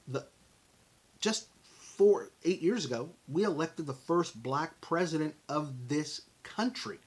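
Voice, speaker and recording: A middle-aged American man hosting a motivational podcast, talking in an animated, conversational way and calling his listeners folks. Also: fairly high pitch, husky. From United States. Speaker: podcast host.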